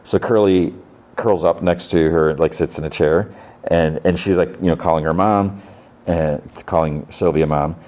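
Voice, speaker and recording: Deep-voiced man rambling through a recap. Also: steady tone, normal speed, a little mellow. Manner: rambling, lots of "like" and restarts. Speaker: podcast host. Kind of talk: casual recap of a TV episode.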